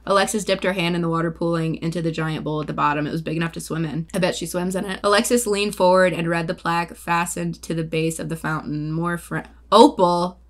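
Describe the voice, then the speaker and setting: A young woman reads from a novel she wrote, in an easy, conversational way, stopping to laugh at her own lines. Her voice sits a little low. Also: steady tone, fast, hardly any pauses. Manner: reads plainly, breaks off to laugh and joke about her writing. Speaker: author reading her own early novel. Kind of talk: casual read-aloud with asides.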